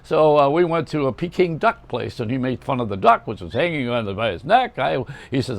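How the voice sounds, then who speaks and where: A man's voice: medium pitch, very animated, fairly quick, gravelly, few pauses. An older man, a radio host, telling anecdotes in a rambling monologue, often stopping to correct himself. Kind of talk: storytelling monologue.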